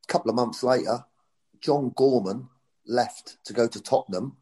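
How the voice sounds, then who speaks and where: A man's voice: medium pitch, normal speed, mellow. A middle-aged man, a football coach, telling anecdotes in a chatty interview. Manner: chatty anecdotal storytelling, acts out quotes. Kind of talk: storytelling interview.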